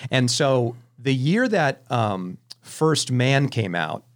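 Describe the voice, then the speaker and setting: Animated man telling movie anecdotes. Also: mid-range voice, slow pace. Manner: animated anecdotes with frequent restarts. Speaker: podcast host. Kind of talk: casual storytelling chat.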